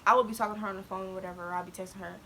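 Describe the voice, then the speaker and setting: Very fast and mid-range in pitch, a young adult woman's voice carries a personal story to her vlog viewers. She keeps it casual and animated, laughing frequently while slipping close to tears.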